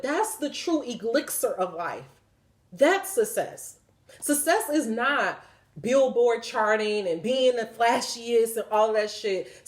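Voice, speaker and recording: A woman, giving a spiritual card reading in an emphatic, preachy way with lots of swearing. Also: a little high. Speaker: tarot reader.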